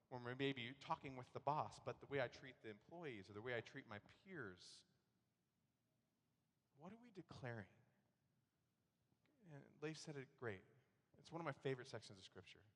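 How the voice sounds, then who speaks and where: A man preaching a sermon as pastor, telling a personal story in a conversational way and sometimes acting out frustration loudly. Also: medium pitch, normal speed, pauses often. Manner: conversational storytelling, bursts into animated acted-out outrage. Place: church sanctuary. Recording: long hall reverb in a church.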